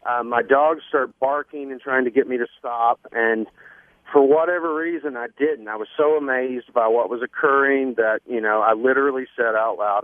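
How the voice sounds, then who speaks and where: A man guest earnestly telling a long personal story on a radio show, halting often with fillers. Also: mid-range voice, no room sound. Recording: dry phone line.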